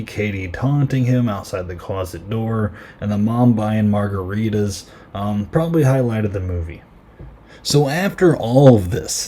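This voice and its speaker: A man hosting a podcast, casually recapping a horror film with lots of fillers and quick acted-out quotes. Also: lowish voice, warm tone, slight background noise. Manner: chatty, many fillers, acts out quoted lines in quick voices. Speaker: podcast host.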